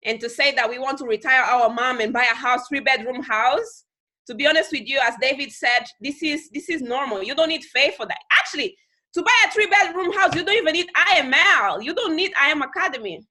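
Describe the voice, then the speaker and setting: A woman's voice: lively intonation, brisk, bright, forceful tone. A woman giving a motivational talk to her team on a video call, emphatic and repeating phrases for stress. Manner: mimics other people in high squeaky voices. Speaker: team leader on a group call.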